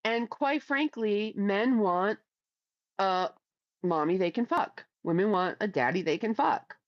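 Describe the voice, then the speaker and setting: A woman's voice: medium pitch, a little slow, no room sound. Middle-aged woman hosting a stream, crude and chatty, slightly lo-fi mic. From Ohio, USA. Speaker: livestream host reading chat. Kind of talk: casual livestream chat.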